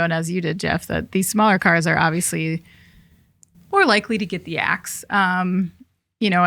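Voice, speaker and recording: Gravelly-voiced woman co-hosting a podcast. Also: lowish voice, pushed and bright, no echo. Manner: chatty, laughs often, many fillers. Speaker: podcast co-host. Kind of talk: casual chat.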